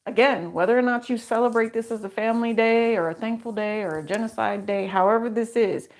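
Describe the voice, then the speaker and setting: A woman's voice: fairly high pitch, a little fast. Chatty woman giving a tarot reading. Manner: chatty, rambling, laughs often. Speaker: tarot reader. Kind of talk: casual tarot reading chat.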